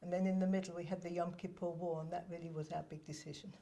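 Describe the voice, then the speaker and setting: A woman's voice: fairly low pitch, level tone, quick pace, creaky, dark tone. An older woman from England, recounting past events steadily in an interview. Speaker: interviewee, former activist. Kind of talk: recollecting interview answers.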